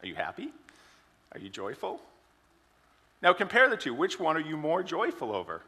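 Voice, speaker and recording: Guy preaching, tells a story then keeps asking the church questions, bright voice, echoey hall. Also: fairly high pitch, huge pitch swings, normal speed. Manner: storytelling, asks the congregation questions. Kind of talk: sermon with an acted illustration.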